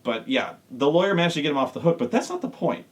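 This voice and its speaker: A man reviewing wrestling in a sarcastic, profanity-laced rant. His voice is on the higher side for a man, and he talks in loose, exasperated bursts. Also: very animated, fast. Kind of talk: casual ranting commentary.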